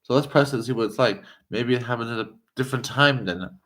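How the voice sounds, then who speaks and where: A man from the United States chatting casually to viewers on a live stream, rambling and excitable. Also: mid-range voice, fast talker.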